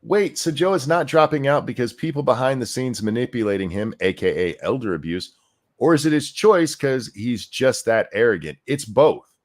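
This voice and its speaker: A man hosting a casual political chat, animated and sarcastic. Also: medium pitch, moderate pace. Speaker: host.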